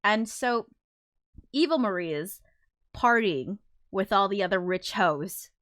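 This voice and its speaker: A woman's voice: medium pitch, lively intonation, slow pace, a bit bright, dry recording. Giggly, chatty woman streamer, dry sound. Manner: chatty, giggly, rambling with many fillers. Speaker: livestream host, musician. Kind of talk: casual livestream chat.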